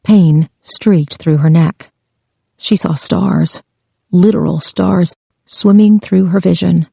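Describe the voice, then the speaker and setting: A woman narrating a thriller audiobook with a slow, tense delivery. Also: lowish voice, fairly even intonation, creaky, warm tone, husky, no room sound.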